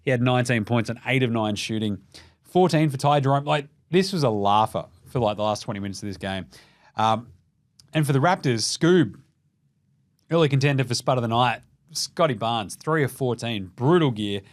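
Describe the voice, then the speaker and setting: A man's voice: mid-range voice, normal speed. Sweary Australian man recapping basketball. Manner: sweary, animated, jokey with mock voices. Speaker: basketball podcast host. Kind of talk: casual sports recap.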